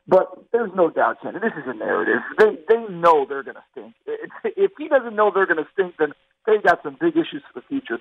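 Man, sports reporter on radio, fairly high voice, emphatic and conversational, dry close mic. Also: no room sound, low-quality recording. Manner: emphatic, conversational, addresses the hosts as guys.

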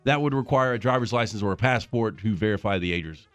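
A man's voice: on the low side, dry recording. A man hosting a radio show, reading odd news stories and then joking about them with his co-hosts. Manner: reads stories briskly, then jokes around.

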